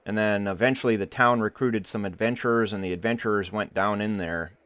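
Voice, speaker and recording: A man's voice: fairly low pitch, fairly even intonation, a little fast, a bit bright, smooth. A man from Iowa narrating as game master, rambling with lots of fillers and slipping into playful character voices. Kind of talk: narrating a tabletop game livestream. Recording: muffled livestream audio with faint music.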